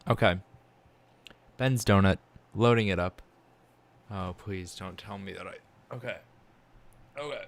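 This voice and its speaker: Young man, very low voice, casual commentary, exasperated, self-muttering. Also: measured pace, creaky, pauses often. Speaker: vlogger learning 3D software. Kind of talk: casual screen-recorded commentary.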